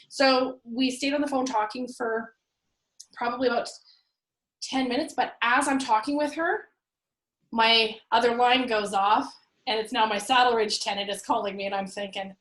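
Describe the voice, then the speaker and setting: A woman, a real estate investor and landlord, telling an animated story about her rental properties, acting out what people said. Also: fairly high pitch, normal speed, echoey room, poor audio. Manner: animated, acts out her own past quotes. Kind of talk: conversational storytelling.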